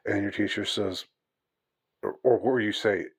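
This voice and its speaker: A man's voice: on the low side, a little slow, husky. A man giving a rambling, mock-outraged monologue with many fillers and restarts. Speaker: commentator on English usage. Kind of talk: casual monologue.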